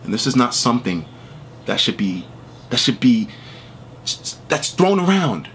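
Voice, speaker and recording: A man's voice: medium pitch, very animated, unhurried, a bit bright, a little hiss or hum. A man giving a heated, profane reaction rant, reading messages aloud and snapping back at them. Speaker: online streamer.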